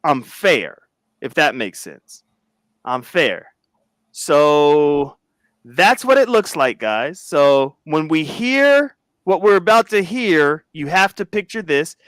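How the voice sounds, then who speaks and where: A man hosting a reaction commentary in a high, very lively voice that swoops up and down. He talks dramatically and exclaims a lot, recorded close and dry with no room sound. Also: slow pace, no echo. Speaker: host.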